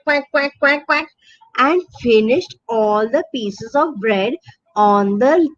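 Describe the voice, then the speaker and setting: A woman's voice: high voice, no room sound, dull audio. A woman narrating a children's bedtime story, playfully imitating animal sounds.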